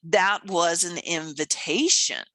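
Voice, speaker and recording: A woman hosting a podcast in casual chat, telling stories with animated acted-out inner voices and frequent laughter. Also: lowish voice, slow pace, no echo. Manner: animated storytelling, acts out quoted thoughts, laughs often. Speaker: podcast host.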